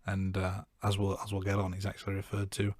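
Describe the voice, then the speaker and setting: A man with a fairly low voice talks through a film's scenes in a relaxed, self-deprecating way. The recording is dry and close, with no room sound. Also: fast talker, dry recording. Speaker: podcast co-host. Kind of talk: casual film-review chat.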